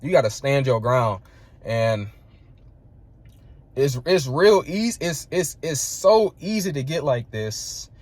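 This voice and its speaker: A young male vlogger rants through a heated, profane story about a clash at work, stuffing his speech with "like" and "bro." His mid-range voice has a darkish tone and lively intonation, he talks slowly, and there's no echo.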